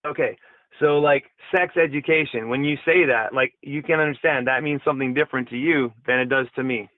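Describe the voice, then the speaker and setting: A man's voice: mid-range voice, brisk, dry recording. Guy calling in, rambling and unsure, tinny dry phone line. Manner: hesitant, rambling, many fillers. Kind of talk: casual debate.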